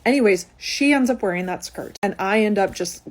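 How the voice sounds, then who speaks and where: A young woman recounts a personal story in a loose, conversational way. She talks with a lot of "like" and plenty of animation. Her pitch sits in an ordinary middle range. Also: brisk. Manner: chatty, animated retelling with frequent "like". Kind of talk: casual storytime monologue.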